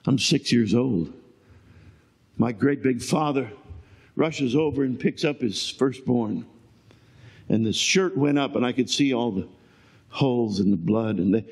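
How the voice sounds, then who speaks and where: An older man preaching a sermon, moving between shouted lines and quiet storytelling. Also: fairly high pitch. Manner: swings from shouting to hushed storytelling. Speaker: pastor.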